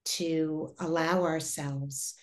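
Reflective woman with a low voice. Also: steady tone. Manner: earnest, reflective, halting with pauses and restarts. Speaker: guest. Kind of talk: interview, personal storytelling.

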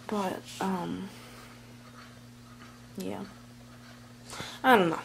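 A woman's rambling home vlog is filmed on a handheld phone camera indoors, her casual talk packed with fillers and restarts. She has a gravelly, medium-pitched voice with fairly even intonation and drawn-out words. Background noise is audible.

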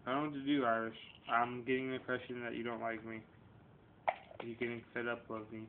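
A man in his thirties talks straight to camera in a rambling, profane vlog rant that swings between confrontation and emotion. His medium-pitched voice stays level and runs a little fast, captured as tinny lo-fi webcam audio with faint noise.

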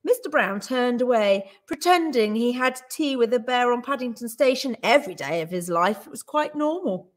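A woman teacher reading a picture book aloud to children with clear, expressive storytelling. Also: fairly high pitch, moderate pace, few pauses.

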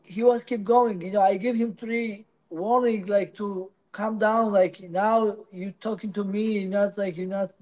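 Man with halting English. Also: sits high, steady tone, darkish tone, poor audio. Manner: halting, non-native English with many restarts. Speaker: interviewee, professional fighter. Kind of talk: casual interview answers.

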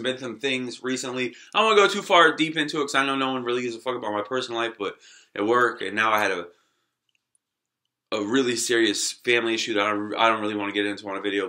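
A man vlogging a profane sports rant to camera, full of slang and swearing, swinging from shouting to low muttering. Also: quick pace. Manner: heavy swearing, streetwise slang.

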